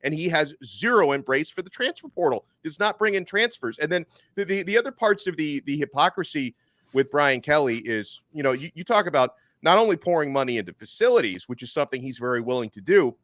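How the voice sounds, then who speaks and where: A man hosts a sports talk podcast, working through his points in a conversational, analytical way. His voice is bright and forceful, recorded dry and close. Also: a little high, sing-song, a little fast, no echo. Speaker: podcast host.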